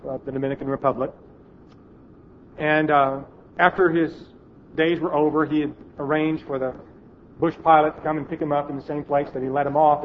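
A man preaching a sermon in an auditorium, telling a story and dropping to a hush at its emotional moments. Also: on the high side, lo-fi sound, a little hiss or hum.

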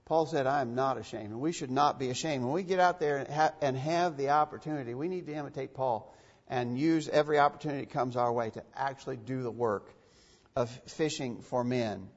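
A man's voice: mid-range voice, brisk. A man preaching a sermon in a church, emphatic and given to repeating phrases for stress. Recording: dull, echoey church recording.

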